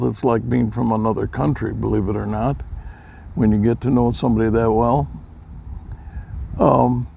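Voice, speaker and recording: An older man from Minnesota, telling folksy personal stories in a plain-spoken, unhurried way, with a gravelly voice. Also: mid-range voice, dark tone, a little hiss or hum. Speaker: storyteller. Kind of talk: casual personal storytelling.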